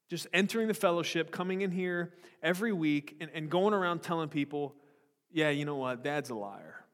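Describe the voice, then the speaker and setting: A man preaching a sermon in a church, blunt and confrontational with joking asides. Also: a little high. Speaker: pastor. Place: church sanctuary. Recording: long echo of a large hall.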